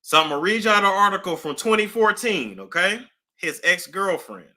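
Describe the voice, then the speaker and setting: A woman hosting a casual celebrity gossip talk, animated, with nervous laughter and dramatic gasps. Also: medium pitch, normal speed.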